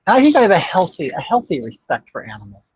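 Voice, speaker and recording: This older livestream host chats casually with viewers, responding to their comments with blunt, gossipy sass. He talks fast in a high, slightly rough voice with huge swings in pitch, captured on dull, muffled, dry audio.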